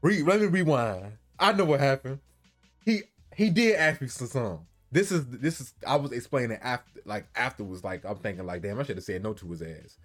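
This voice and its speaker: Young guy podcasting, pitch all over the place, cussing casually, faint music behind. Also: fairly quick. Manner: animated storyteller, slangy and profane. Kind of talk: casual chat. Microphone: desk microphone.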